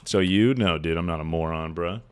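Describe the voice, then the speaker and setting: A young man with a low, smooth, clear voice talks loosely to his stream while he plays. He jokes around, swears freely and reads out and answers viewer messages as they come in. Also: brisk. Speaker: livestreamer playing a game and reading chat. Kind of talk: casual stream chat.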